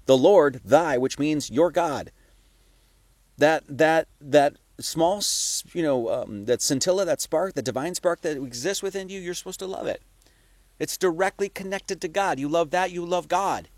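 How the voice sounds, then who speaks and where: A man's voice: a little high, moderate pace, no room sound. A man giving a casual, conversational sermon, full of rhetorical questions and profane asides. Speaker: preacher.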